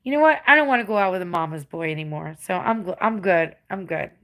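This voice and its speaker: A woman's voice: fairly low pitch, very animated, fast talker, fairly bright tone. Blunt, profane English woman livestreaming. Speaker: livestreamer answering chat. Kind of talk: casual livestream chat.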